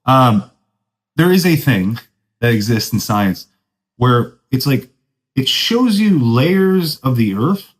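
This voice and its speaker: Speaking slowly but animatedly in a medium pitch, a young man hosts a podcast on a low-quality recording. He tells laid-back, self-mocking stories in surfer slang, dropping "dude" often and cracking himself up.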